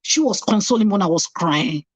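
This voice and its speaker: A woman's voice: mid-range voice, lively intonation, moderate pace, slightly rough, no echo. A middle-aged woman telling a painful personal story earnestly, repeating phrases for emphasis. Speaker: guest telling her story.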